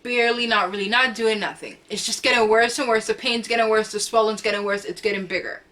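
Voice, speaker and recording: A young woman vlogging a storytime straight to camera from her room at home. Her voice is bright and a bit high, and her delivery is chatty and slangy. She repeats lines for emphasis and bursts into loud cries when acting out quotes. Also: steady tone, quick pace. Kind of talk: storytime vlog.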